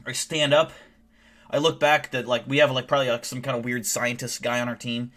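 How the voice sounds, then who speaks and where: Bright-voiced streamer man. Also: medium pitch, a little fast. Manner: animated, profane storytelling. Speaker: live streamer. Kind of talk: casual live-stream chat.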